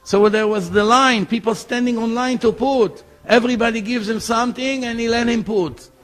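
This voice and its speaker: A man's voice: very high-pitched, normal speed, faint music behind. A male rabbi telling stories in a sermon, acting out the voices of the people in them, in English with slips of grammar. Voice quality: non-native English grammar. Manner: animated storytelling, acting out quoted voices. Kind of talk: sermon storytelling.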